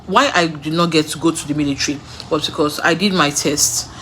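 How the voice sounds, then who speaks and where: Telling personal stories in a relaxed manner, a young Nigerian-accented vlogger laughs between sentences and repeats words to stress them. The delivery is brisk and steady, medium in pitch and a bit bright, against slight background noise.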